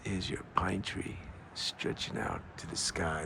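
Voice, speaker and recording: Older man, very low gravelly voice, halting rambling talk, faint hiss. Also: expressive. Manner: halting, many fillers and restarts. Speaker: vlogger. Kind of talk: casual rambling monologue.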